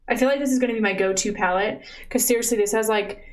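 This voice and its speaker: A young woman live-streaming from home on a close mic, gushing excitedly as she opens gifts, saying "like" and "oh my gosh" over and over. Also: fairly high pitch, fast talker, hardly any pauses, poor audio. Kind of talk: casual live-stream unboxing chat. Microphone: close desk mic.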